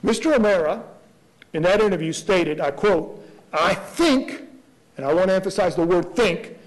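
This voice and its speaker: A prosecutor arguing a motion before a judge, earnest, with many rhetorical questions and restarts. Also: male voice, sits high, brisk, low-quality recording. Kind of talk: courtroom argument.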